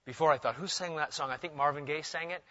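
A male pastor delivering a sermon, animated and asking his congregation questions. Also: fairly high pitch, quick pace, no room sound, muffled recording.

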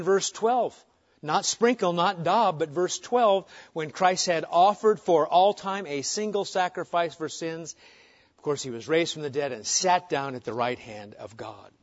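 A man preaching a sermon as pastor, asking his listeners question after question and moving between loud emphasis and soft pleading. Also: high-pitched. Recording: muffled lo-fi sound.

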